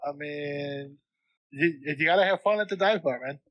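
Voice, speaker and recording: A man co-hosts a podcast, chatting playfully about a film and acting out quotes in exaggerated voices. His pitch sits a little high. The sound is dry and close. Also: moderate pace, no echo, muffled recording. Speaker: podcast co-host. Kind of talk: casual movie recap chat.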